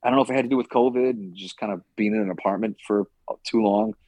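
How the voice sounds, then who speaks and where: A man's voice: on the low side, quick pace, a little mellow, no echo. A man who trains fighters, chatting casually on a podcast, rambling and swearing now and then with lots of "like" and "you know".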